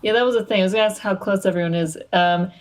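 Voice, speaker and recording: A woman's voice: mid-range voice, racing, a little hiss or hum. A woman speaking as a player in a tabletop game, chatting casually and hesitantly. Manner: hesitant and talkative, with fillers and restarts. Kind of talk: casual chat while playing.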